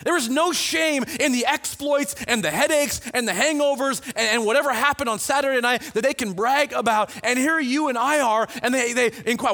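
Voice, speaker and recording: Middle-aged guy pastor, high voice, preaching and acting out the bible stories. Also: brisk, hardly any pauses, sharp tone. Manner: storytelling with acted-out voices for biblical figures. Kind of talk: sermon.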